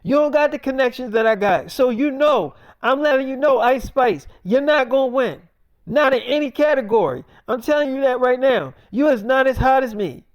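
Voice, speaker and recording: A vain, threatening celebrity woman, put on by a man in an improvised comic monologue. She swaggers, swears and talks down to her rival in a high voice. The sound is dry and close, with no room around it. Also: no room sound, muffled recording. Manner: swaggering, profane, talks down to the listener.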